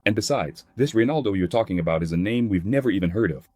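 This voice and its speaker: A man's voice: on the low side, expressive, quick pace, a little mellow, no echo. A man narrating a comic recap in a plain scripted read, voicing characters' quotes in his own voice.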